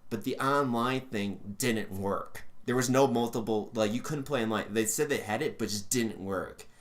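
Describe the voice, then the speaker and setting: A man's voice: mid-range voice, normal speed. A young man co-hosting a casual gaming podcast, ranting with lots of swearing and filler words. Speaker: podcast co-host.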